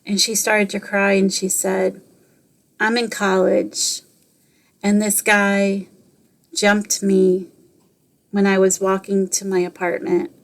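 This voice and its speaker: A woman's voice: mid-range voice, flat delivery, slow pace, gravelly, long pauses. A middle-aged woman hosting a podcast, telling a personal story and giving motivational advice in an earnest way. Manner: earnest, repeats phrases, quotes others in her own voice. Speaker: podcast host.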